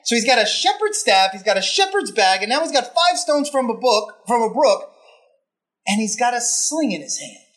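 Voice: mid-range voice, big pitch swings, normal speed, fairly bright tone. A preacher delivering a conversational sermon, retelling a scripture story with emphatic repetition and rhetorical questions. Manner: emphatic, repeats phrases for effect.

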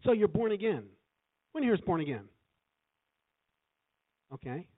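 Lively preacher man, tinny sound. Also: high-pitched, measured pace. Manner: lively, calls for congregation responses. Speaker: guest preacher. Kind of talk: sermon. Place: church.

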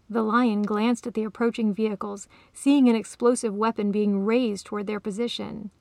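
A woman author reading her own short story aloud in a calm, even storytelling manner. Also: medium pitch, moderate pace, vocal fry, few pauses, no room sound. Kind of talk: storybook narration.

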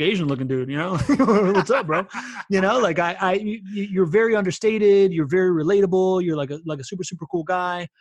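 A man's voice: high voice, no room sound, studio quality. A man hosting a podcast, laid-back and affirming in casual chat. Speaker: podcast host.

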